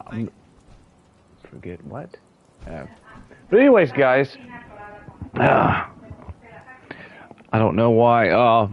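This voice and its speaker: A man's voice: medium pitch, highs cut off. A man from the United States chatting loosely while streaming a game, rambling, restarting sentences and chuckling now and then. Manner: slow, drawn-out delivery. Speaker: gaming livestreamer. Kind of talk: casual livestream chatter.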